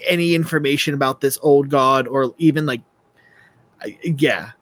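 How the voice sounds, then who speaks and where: A man's voice: mid-range voice, moderate pace, fairly bright tone. A man playing in a tabletop game, chatting casually in a rambling, hesitant way with many restarts. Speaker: player.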